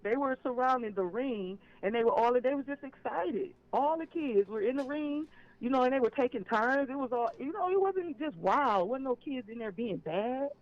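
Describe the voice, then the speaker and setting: A man with a notably high voice calls in over a dull, lo-fi phone line. He tells his story emphatically and with a clear sense of grievance, pressing each point home. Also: expressive, normal speed. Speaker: caller. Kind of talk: phone-in call on a live stream.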